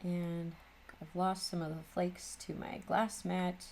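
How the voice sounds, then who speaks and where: A woman's voice: on the low side, level tone, takes it slowly, creaky, darkish tone, a little hiss or hum. A woman in her thirties with a Midwestern American accent, hosting a casual crafting vlog and rambling chattily with lots of ums. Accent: Upper Midwest American. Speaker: craft channel host.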